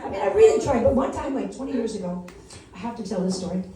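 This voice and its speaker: A woman's voice: mid-range voice, lively intonation, quick pace, crowd noise. An older woman in her sixties doing a rambling, self-mocking stand-up set, laughing at her own jokes. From Wisconsin. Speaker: stand-up comedian. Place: small comedy venue. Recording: echoey room from a distance.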